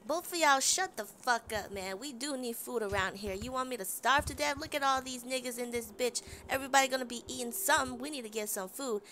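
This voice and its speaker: Woman as a blunt, hungry woman, high voice, soft music behind. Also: a little fast, few pauses, slight background noise. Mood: impatient. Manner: blunt, impatient. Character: hungry, impatient woman in a wig.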